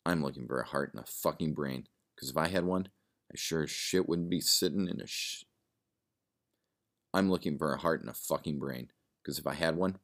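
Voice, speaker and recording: A man's voice: very deep voice, a bit bright. A man voicing a cynical, sardonic man drinking in a bar, swearing and rambling.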